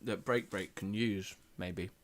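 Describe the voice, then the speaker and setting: A man's voice: low-pitched, fairly even intonation, slow, a little hiss or hum. A man rambling casually to himself about his game code while eating pizza. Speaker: game developer. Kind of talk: casual thinking-aloud coding vlog.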